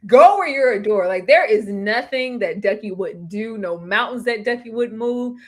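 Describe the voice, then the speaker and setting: Woman host, casual livestream chat, animated and slangy, sits a bit high. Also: normal speed. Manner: animated, slangy, laughs often.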